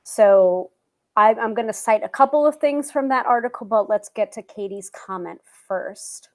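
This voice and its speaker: A woman's voice: a little high, moderate pace, a little mellow. A woman hosting a live tarot stream, talking casually with many fillers and restarts.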